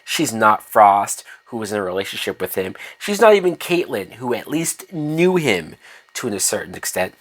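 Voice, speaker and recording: A man's voice: on the low side, sing-song, moderate pace, fairly bright tone. A man reviewing a TV episode in a rant, exasperated and profane, firing off rhetorical questions. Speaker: TV show reviewer.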